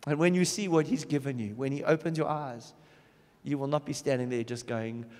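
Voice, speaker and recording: A man preaching a sermon, swinging from loud emphatic bursts to hushed low drops. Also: fairly quick. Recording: long reverb of a big hall.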